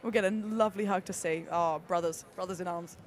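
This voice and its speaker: A woman doing live sports commentary, excitable and gushing, with lots of fillers and restarts. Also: fairly low pitch, fairly quick. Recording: busy venue noise behind.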